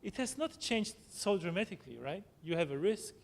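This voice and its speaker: A man giving a conference presentation, halting, with frequent restarts and tag questions. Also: sits high, expressive, creaky. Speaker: conference speaker. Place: conference hall. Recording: long hall reverb, faint noise.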